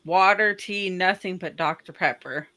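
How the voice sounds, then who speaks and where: Brief: woman from the US South, lowish voice with a bright edge, chatty podcast guest. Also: normal speed. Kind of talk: casual chat.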